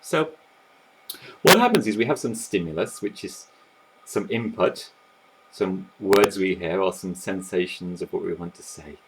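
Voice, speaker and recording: A man teaching about language learning, explaining in a lively, animated way while sketching on a board. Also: low voice, a little slow, background noise. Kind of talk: explanatory video talk.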